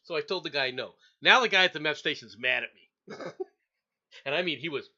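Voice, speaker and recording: A middle-aged man hosting a relaxed chat show, spinning a long story with lots of stumbling repeats. His voice is bright and lively, rising and falling as he acts out other people. The sound is a little dull and lo-fi. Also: a little high, a little fast. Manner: animated, acts out quoted voices, laughs often, repeats words. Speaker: show host.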